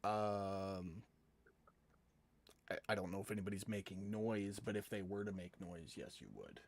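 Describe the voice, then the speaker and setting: Low-voiced man running a tabletop game. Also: a little slow. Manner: casual, relaxed narration with fillers. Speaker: game master.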